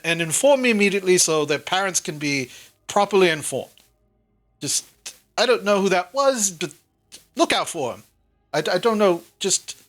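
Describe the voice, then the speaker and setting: A woman's voice: medium pitch, a bit bright, natural voice. A woman voicing a flustered, pompous male official who stammers in a tabletop game.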